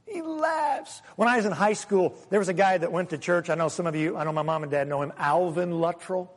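A high-voiced man preaches a sermon in a lively, animated way, now and then acting out quoted voices. His voice carries a long reverb from a large hall. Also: fast. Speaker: pastor.

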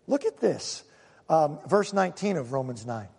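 A man's voice: fairly high pitch, sing-song, moderate pace, creaky, a little mellow, slightly rough, in a large hall. A male pastor preaching a sermon, emphatic and fond of rhetorical questions to his congregation.

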